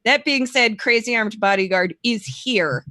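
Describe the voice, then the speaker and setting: A woman's voice: a little high, measured pace, sharp tone, dry recording. A woman playing a tabletop game, talking through the plan in a thoughtful way. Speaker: player. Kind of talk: casual chat at a tabletop game.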